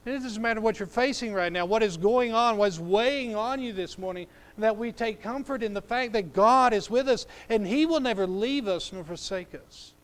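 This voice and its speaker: A man preaching a sermon as pastor, swinging between loud emphatic lines and hushed, drawn-out phrases, and acting out scripture dialogue in a lowered voice.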